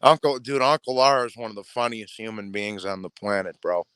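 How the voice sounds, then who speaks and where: A man's voice: on the low side, fairly quick, fairly bright tone, clear, resonant tone, dry recording. A man hosting a boxing talk show, rambling casually and swearing, calling his viewers "bro". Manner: profane, streetwise, talks to viewers as "bro".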